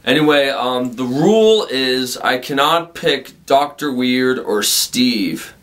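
A man's voice: medium pitch, animated, slow, fairly bright tone. A man hosting his own comedic vlog in a casual, goofy way, laughing often between lines. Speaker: vlog host.

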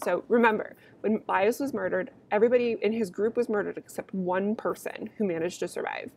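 This is a young woman teaching a play, reading lines aloud and breaking off to explain them in a relaxed, chatty way. Her asides turn dry and sarcastic. Her voice sits at an ordinary middle pitch, like a recorded class lecture. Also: a little fast, gravelly, few pauses. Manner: casual, chatty and sarcastic between read-aloud passages.

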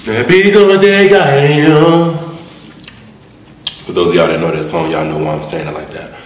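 A man chats casually while he eats, relaxed and a little mumbled between mouthfuls. His voice sits very low. The room is echoey, with a faint hiss behind him. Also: fast. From Atlanta, US. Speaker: mukbang host. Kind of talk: casual eating vlog chat. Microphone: close mic for eating sounds. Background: eating and crunching sounds.

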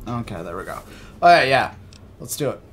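A man streaming a game live, giving excitable, jokey commentary, swearing and laughing often. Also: medium pitch, brisk.

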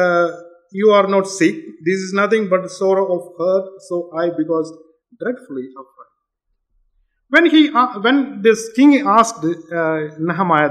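A man preaching a sermon in a church, halting with frequent fillers and restarts. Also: sits high, fairly bright tone. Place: church hall.

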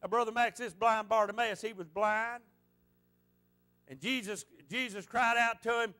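A male pastor delivering a fervent sermon. His voice is high and bright with a sharp, forceful edge. He repeats phrases for emphasis and tells stories as he preaches. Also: steady tone, moderate pace. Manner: fervent, repetitive preaching with storytelling.

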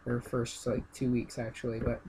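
A young man giving casual gameplay commentary, rambling and then yelling and ranting at the game. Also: medium pitch, completely flat delivery, moderate pace, slightly rough. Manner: rambling, yells and rants at the game. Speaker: gaming channel host. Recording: noisy amateur home recording.

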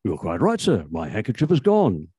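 A man voicing a startled, fussy, polite male gentleman. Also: on the low side, wildly swooping pitch, moderate pace, slightly rough, no room sound, clean studio sound, heavily acted. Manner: startled, proper.

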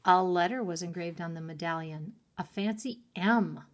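A woman teacher reading a chapter book aloud to children and stopping to explain words. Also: fairly low pitch. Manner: slow and clear, explaining words. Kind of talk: read-aloud storytime for children.

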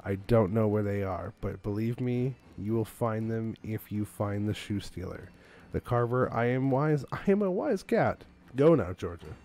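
A man's voice: lowish voice, moderate pace, a little mellow, close to an everyday voice. A man voicing a solemn, mysterious wise cat in a video game who speaks in grave pronouncements.

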